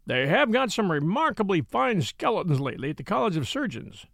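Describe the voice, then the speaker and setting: A man voicing a polite, oblivious male doctor in a storybook reading, talking loudly and cheerfully. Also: high-pitched, big pitch swings, a little fast, creaky, no echo, studio quality, full character voice. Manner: loud, cheerful and overly polite.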